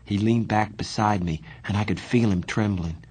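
A man narrating a novel in the first person, quiet and steady. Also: on the low side, normal speed, husky. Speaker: audiobook narrator.

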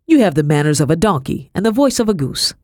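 A woman's voice: sits low, very animated, quick pace, a little mellow, dry recording, studio quality. A woman voicing an impatient, haughty lady of the house who snaps commands at her servants. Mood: imperious. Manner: imperious, snapping commands.

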